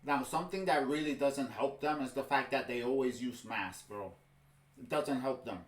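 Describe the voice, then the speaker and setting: In this reaction video, a man of medium pitch gives ranting commentary over a clip at a normal speed, frustrated and fired up, dropping "bro" again and again. His voice carries a roomy echo.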